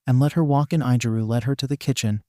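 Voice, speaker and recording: Casting: male narrator for a story reading, steady, warm-dark tone, close dry mic. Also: medium pitch, quick pace, no echo. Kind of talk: fan fiction reading.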